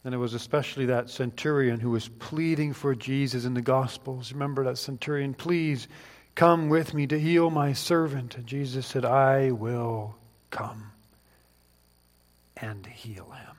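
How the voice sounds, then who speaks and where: A man's voice: medium pitch, fairly even intonation, normal speed. A man preaching a sermon in an earnest, pleading way that rises to fervent questions. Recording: long hall reverb.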